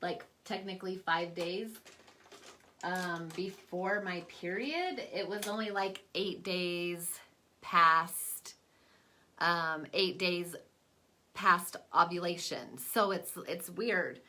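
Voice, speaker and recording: Chatty low-pitched woman with a bright voice. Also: slow pace. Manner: rambling and chatty, many fillers. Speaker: vlogger. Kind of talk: casual makeup vlog chat. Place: at home, away from her desk.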